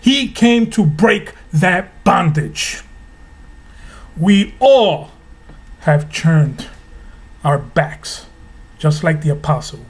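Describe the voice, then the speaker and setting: A middle-aged man giving an impassioned, preachy monologue to camera, hammering home rhetorical questions slowly and with emphasis. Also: a little high, breathy edge. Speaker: religious video host.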